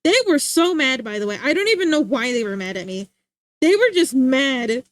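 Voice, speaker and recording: High-voiced chatty woman streamer. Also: sing-song, normal speed. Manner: rambling, chatty, laughs often. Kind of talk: casual stream chat.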